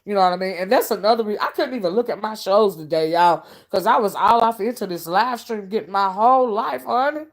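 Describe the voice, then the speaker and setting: A woman's voice: medium pitch, a little fast, few pauses. A woman vlogger chatting casually to her viewers, calling them honey and y'all and often asking if they see what she's saying. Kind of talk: casual live-stream commentary.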